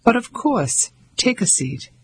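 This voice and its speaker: A man's voice: very high voice, big pitch swings, slow, breathy edge, pitched above the performer's own voice, exaggerated voice. A man voicing a friendly café owner, wry and easygoing. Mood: welcoming. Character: warm French café owner, middle-aged man.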